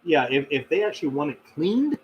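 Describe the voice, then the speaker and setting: A man's voice: on the high side, big pitch swings, a little fast, highs cut off, slight background noise. A man hosting a casual question-and-answer stream, talking in a reflective, rambling way with many fillers and restarts. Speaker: host answering viewer questions. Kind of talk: casual livestream Q&A.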